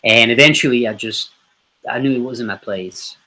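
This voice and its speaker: A man in his forties from France, speaking English with an unmistakable French accent. He tells his stories in a lively way and slips into the voices of the people he quotes. His voice sits in the middle of the usual range for a man. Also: mid-range voice, normal speed, rough recording. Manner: animated storyteller acting out quoted voices. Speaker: guest musician. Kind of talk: storytelling in a podcast interview.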